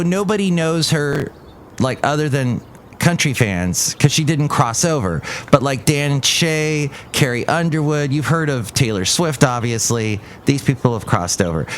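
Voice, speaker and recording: A man's voice: fairly high pitch, a little hiss or hum. A middle-aged man hosting a podcast, talking casually with a rambling, filler-heavy manner. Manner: rambling, chatty, full of fillers. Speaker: podcast host. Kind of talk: casual chat.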